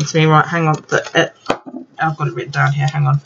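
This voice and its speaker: Gravelly yet fairly bright, her low voice moves fairly quickly with a flat delivery. She's a bullet journal vlogger, tipsy and drinking, chatting as she crafts and often cursing and laughing. The audio is dull and lo-fi, with a faint background hum.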